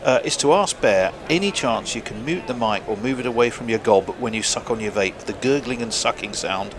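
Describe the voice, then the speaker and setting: A man's voice: medium pitch, brisk. A man commentating cricket on a live stream, reading listener messages with dry, wry asides. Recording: noisy live stream audio.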